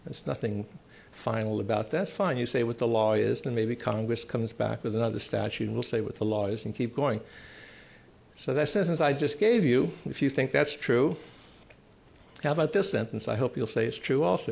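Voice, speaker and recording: A man speaking at a conference panel on constitutional law. He explains in a measured way, pausing often, with dry, emphatic asides. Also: mid-range voice, vocal fry, a little mellow, slightly rough. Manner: measured, explanatory, with frequent pauses.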